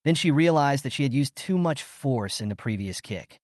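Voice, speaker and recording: A man reading a scripted story recap as its narrator, in a steady storytelling manner. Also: mid-range voice, normal speed, no room sound, studio quality.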